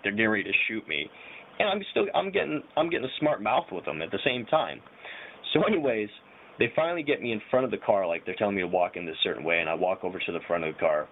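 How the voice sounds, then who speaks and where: Young guy, lowish voice, loose slang-heavy storyteller, tinny lo-fi audio. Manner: rambling, loose slang and frequent fillers. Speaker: vlogger. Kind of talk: casual storytelling. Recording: tinny phone-like audio with faint hiss.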